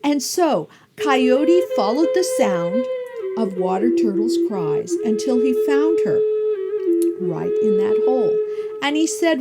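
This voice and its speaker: A woman from Southern California telling traditional animal tales in a slow, expressive oral storytelling style. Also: sits high. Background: soft instrumental music.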